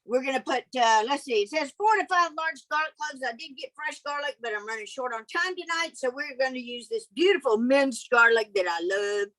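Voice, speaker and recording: Woman, slightly high voice, casually talking while she cooks on a video call. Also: fairly quick, few pauses, a bit bright, poor audio.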